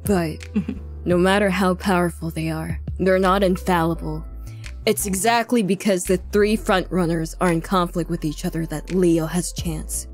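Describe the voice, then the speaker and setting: A woman voicing a clever, scheming young prince in a manga read-along, in a calm, plotting tone. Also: on the low side, lightly acted.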